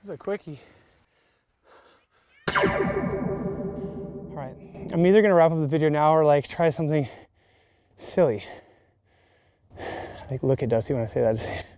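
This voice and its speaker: A man's voice: fairly high pitch, expressive, a little slow, long pauses, soft background music. A man in his thirties hosting a casual outdoor bike vlog, joking and laughing often. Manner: laughing, playful, hype shouts. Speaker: vlog host, bike rider. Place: outdoors at a dirt jump.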